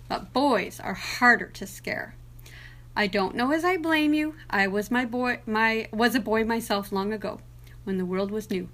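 A woman's voice: fairly high pitch, sharp tone. A woman voicing Father Time as a stern old man in a storybook reading, in a grave, lecturing tone.

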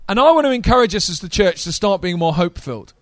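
Guy preaching to a crowd, high voice, dry close sound, all fired up. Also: fast talker, dry recording. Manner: energetic, talks to the audience. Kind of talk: sermon.

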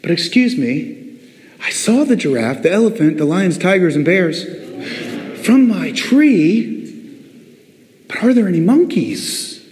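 A man's voice: sing-song, measured pace, pauses often, darkish tone. A small eager male monkey, as a preacher puts him on, polite and awestruck, with his voice lifted above the man's own. the hall gives it a long ringing echo. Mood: eager wonder. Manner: polite, wondering, pitched up.

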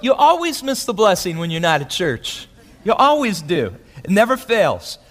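High-voiced preaching man in a hall. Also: normal speed. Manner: animated preaching, acts out quotes with pitch swings. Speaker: pastor. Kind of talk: sermon. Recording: long hall reverb.

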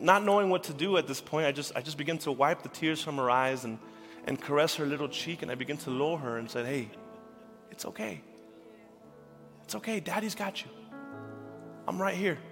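A young adult man, a pastor, preaching a sermon with earnest feeling that swings from urgent rises to hushed, tender passages. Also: fairly high pitch. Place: church sanctuary. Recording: church hall reverb with faint music.

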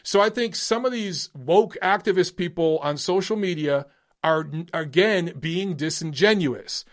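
A man's voice: high voice, unhurried. Rambling man hosting a boxing show. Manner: rambling, restarts often, swears casually. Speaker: boxing podcast host. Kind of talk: casual opinion commentary.

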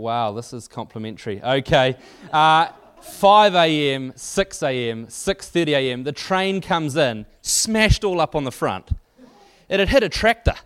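A man's voice: on the high side, clear, resonant tone. A man preaching to a church audience, telling a wry anecdote loosely with fillers and restarts. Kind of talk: storytelling sermon.

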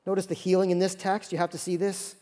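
A man in his thirties preaching a sermon as pastor, acting out the Bible figures in quick voices. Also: sits high, in a large hall. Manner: animated, acts out Bible characters in quick voices.

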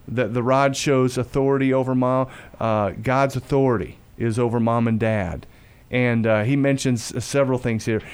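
Halting, storytelling man. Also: medium pitch, smooth. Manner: halting, repeats words, drops to a hush for quoted dialogue. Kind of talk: casual storytelling on a faith talk show.

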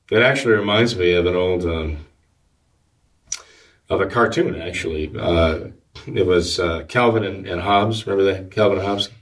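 A man, a Catholic priest, answering listener questions in a measured, halting way with many fillers and restarts. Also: low-pitched, recorded from a distance. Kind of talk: conversational commentary.

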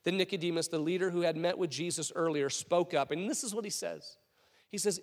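Man, pastor, high voice, casual storytelling sermon, reverberant hall. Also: fairly quick. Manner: conversational, animated storytelling with restarts.

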